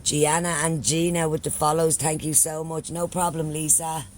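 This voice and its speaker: A man's voice: fairly high pitch, level tone, moderate pace, slight background noise. An Irish man chatting casually on a live stream, swearing freely and thanking followers by name. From Ireland.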